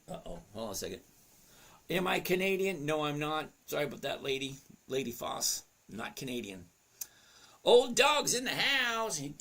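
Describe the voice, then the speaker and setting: With a slightly high, creaky, somewhat bright voice, a man hosts a relaxed trading livestream where he teaches stock trading. He cheerfully greets people in the chat by name, keeping things chatty.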